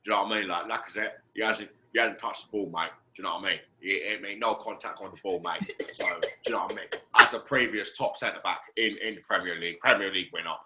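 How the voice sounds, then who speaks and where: A self-important old-pro football pundit, as a man puts him on, droning in a deep, lowered voice. He leans on "mate" and "do you know what I mean" after every phrase, with a bright, forceful edge still in the tone. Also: fast, few pauses, slight background noise. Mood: mock-serious. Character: pompous male ex-centre-back football pundit.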